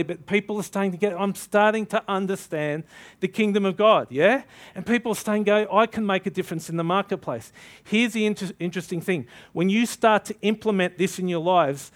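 A man preaching a sermon, telling a story with animated energy and acting out both sides of the dialogue. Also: fairly high pitch.

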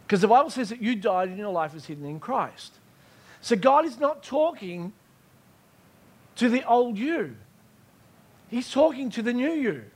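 A man's voice: very high-pitched, sing-song, a little slow, pauses often, a little mellow. A man preaching a sermon with emphasis, repeating key phrases and asking his listeners whether they heard him.

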